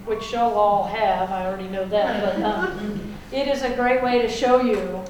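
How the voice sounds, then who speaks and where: A woman's voice: medium pitch, fairly even intonation, measured pace, a little mellow, slight background noise. A woman teacher giving a classroom lecture, folksy and chatty, checking in with the class. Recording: echoey classroom from far off.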